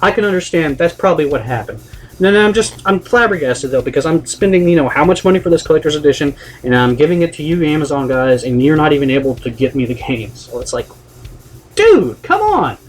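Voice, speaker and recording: A man's voice: fairly high pitch, quick pace, soft background music. Exasperated man ranting on a vlog. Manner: exasperated, profane, rambling with many restarts. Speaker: vlogger. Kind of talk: comedic rant vlog.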